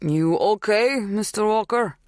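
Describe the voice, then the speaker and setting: A narrator voicing a young Polish male farmhand who speaks halting broken English with a strong Polish accent, pitched well above the narrator's own voice. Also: dry recording, clean studio sound. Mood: polite.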